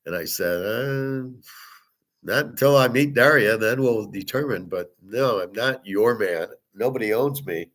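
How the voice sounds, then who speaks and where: Man, middle-aged, lowish voice, casual monologue, blunt, swears freely. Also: unhurried, a bit bright. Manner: blunt, profane storytelling. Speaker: host.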